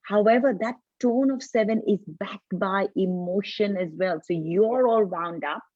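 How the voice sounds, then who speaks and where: A woman's voice: medium pitch, unhurried, dry recording, muffled recording. A woman in her forties, a parenting coach, explaining earnestly in a casual live video chat, often restarting her sentences. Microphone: video call.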